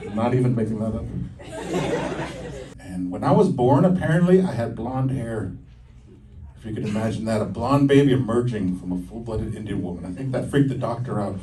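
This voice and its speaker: A middle-aged man from the United States doing stand-up, telling self-mocking stories and acting out quick voices. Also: fairly low pitch, background noise. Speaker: stand-up comedian. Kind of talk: live stand-up comedy. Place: stage at a campus comedy show. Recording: distant live stage recording with audience laughter. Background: audience laughing.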